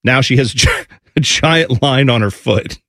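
A man's voice: medium pitch, moderate pace, fairly bright tone, no echo. A man hosting a morning radio show, telling a funny family story with lots of laughter and acted-out voices.

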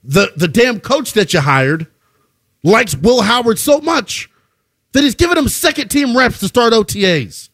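A man's voice: extremely high pitch, lively intonation, a little slow, fairly bright tone. A man co-hosting a sports radio show, arguing insistently and repeating himself in a heated debate.

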